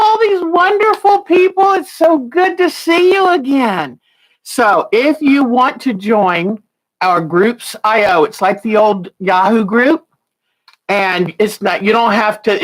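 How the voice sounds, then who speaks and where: A woman's voice: mid-range voice, rough recording. A woman hosting a casual quilting livestream, chatting and greeting viewers by name. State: out of breath.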